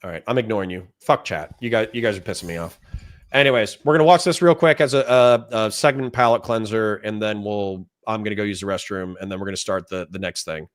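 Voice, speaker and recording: A man with a lowish voice hosts a livestream, reading chat comments aloud and answering them bluntly. He swears a lot and gets heated quickly.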